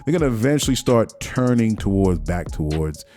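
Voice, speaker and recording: Podcast host, man, low mellow voice, rambling repetitive commentary, stuffy with a cold. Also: big pitch swings, moderate pace, faint music behind. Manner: repetitive restarts, mocking quoted voices. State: has a cold, sniffling. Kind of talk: solo commentary rant.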